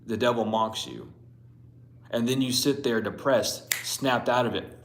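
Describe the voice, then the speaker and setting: A man at a middle pitch delivers a rambling tarot reading, blunt and full of swearing. His voice rings around a roomy, echoey space. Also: measured pace, a bit bright. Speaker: tarot reader. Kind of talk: casual spiritual reading rant. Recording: roomy echo.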